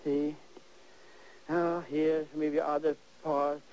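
An older man hosting a TV painting lesson, exuberant and animated, repeating words as he works, on worn 1980s videotape audio. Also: fairly high pitch, extremely slow, poor audio. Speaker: painting show host.

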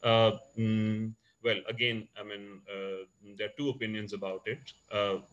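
A man's voice: fairly low pitch, flat delivery, measured pace, a bit bright, dull audio. Man lecturing with many hesitations. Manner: hesitant, many fillers and restarts. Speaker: guest speaker, lecturer. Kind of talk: online lecture. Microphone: computer or phone mic on a video call.

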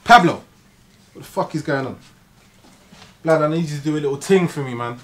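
An actor with a London accent playing a hot-headed young gangster who swears and pushes hard. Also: male voice, on the high side, fairly quick, a bit bright, lightly acted. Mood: pressing. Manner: aggressive, swearing, pushy. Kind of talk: gritty film acting.

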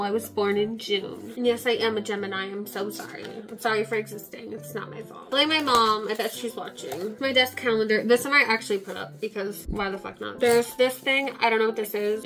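A tired young woman chatting casually at home late at night, exclaiming and joking about herself in slang. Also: fairly high pitch. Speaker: vlogger.

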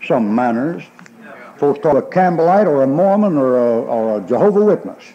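A man's voice: mid-range voice, animated, moderate pace, highs cut off. A male pastor, preaching a folksy, emphatic sermon and acting out the people in his stories with laughter.

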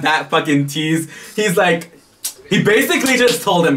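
Watching a romance series, a vlogger gives excited reactions, squealing, exclaiming, and cursing freely. The medium-pitched voice is expressive, slow, and a bit bright, recorded on a distant mic with a little hiss or hum.

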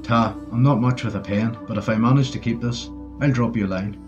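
A man's voice: medium pitch, fairly even intonation, fairly quick, lo-fi sound, over music, close to an everyday voice. A man voicing a cocky, joking young British soldier as he reads the story aloud. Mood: jaunty. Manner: breezy and joking.

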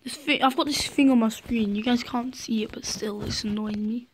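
Girl yelling at her teammates while gaming, kinda high voice, hyped up commentary. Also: moderate pace, slight background noise. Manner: excitable, cheers and scolds teammates. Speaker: gaming video host. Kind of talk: live gameplay commentary.

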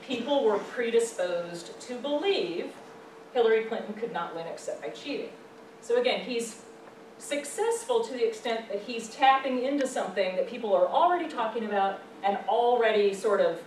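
A woman's voice: fairly high pitch, a little mellow. Woman prof giving a chatty public talk, keeps asking "right?", faint hiss behind. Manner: conversational, checks in with audience often with "right?" and "okay?". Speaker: professor giving a public lecture. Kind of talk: public lecture. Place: library meeting room. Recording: roomy echo, voice from far off, faint background noise.

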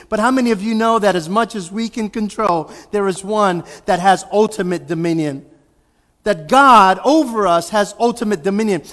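A male pastor with a notably high voice delivers a sermon in an easy, conversational way. He leans on rhetorical questions to drive each point home. The recording carries a long church-hall reverb. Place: church sanctuary.

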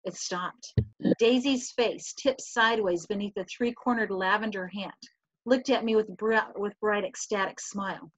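A woman's voice: mid-range voice, steady tone, normal speed, no echo. A woman teacher reading a novel passage aloud to her class, then talking it through, with a few slips and restarts. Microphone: video call. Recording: dull, lo-fi video call audio.

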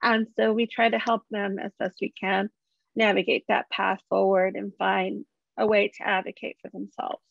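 A woman's voice: medium pitch, flat delivery, normal speed, vocal fry, no echo, highs cut off. A woman founder of an online support community speaking heartfelt and grateful on a video-call panel. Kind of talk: panel conversation.

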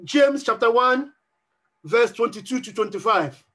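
Male pastor, emphatic sermon delivery, high and animated, repeats lines for effect. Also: unhurried. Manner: emphatic preaching, repeats phrases, acts out pleading prayers.

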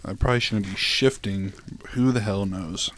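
A man's voice: lowish voice, normal speed, fairly bright tone, slight background noise. A young man commenting on his own gameplay, laughing often, swearing and pleading with the game. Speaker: gaming YouTuber. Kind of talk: let's play commentary.

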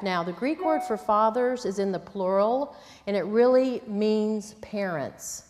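An older woman with a mid-range voice speaks a little slowly, teaching a sermon on parenting at a church conference hall. She is earnest and plain-spoken, adding quoted asides. Background noise is audible, and the hall gives a long reverb.

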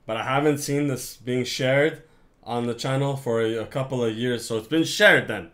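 A man's voice: medium pitch, normal speed, a bit bright. A young man hosting a livestream reaction, loose and joking, talking straight to viewers. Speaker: reaction channel host. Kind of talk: casual livestream reaction chat.

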